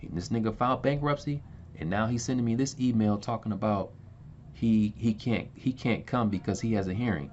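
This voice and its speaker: A man's voice: fairly low pitch, normal speed, a little mellow. A man hosting his own channel, ranting heatedly at someone, swearing and repeating himself as he talks. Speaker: channel host. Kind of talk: angry video rant. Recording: dull lo-fi sound with faint noise.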